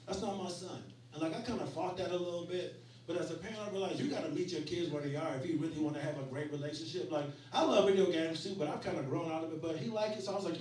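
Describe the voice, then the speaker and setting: A man's voice: fairly high pitch, quick pace, darkish tone, slight background noise. A man in his forties telling stories in a loose, profane, conversational way during a stand-up set at a small venue. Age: 40s. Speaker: stand-up comedian. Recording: roomy club sound, mic at a distance.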